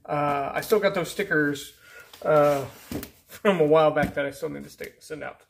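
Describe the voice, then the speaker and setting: A man hosting a casual mail-call vlog, rambling and easygoing as he opens packages, often trailing off into low mutters. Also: moderate pace, gravelly. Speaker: YouTube channel host. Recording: faint background noise.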